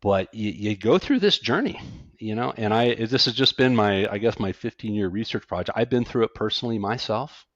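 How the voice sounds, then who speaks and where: Accountant guest, middle-aged man, lively and self-deprecating, low voice, dry close recording. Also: fairly quick, few pauses, no room sound, lo-fi sound. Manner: animated, self-deprecating, stammers on restarts. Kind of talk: casual podcast conversation.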